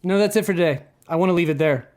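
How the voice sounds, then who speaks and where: A man's voice: high voice, racing, a little mellow, clear, resonant tone. Young man reading fan mail aloud. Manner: reads fan mail aloud, stumbling over words. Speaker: co-host. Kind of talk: casual live-show banter.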